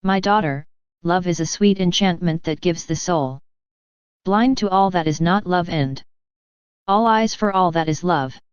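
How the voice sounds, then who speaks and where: Smooth low-voiced woman reading devotions. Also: unhurried, no room sound. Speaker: reader. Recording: slightly dull lo-fi recording.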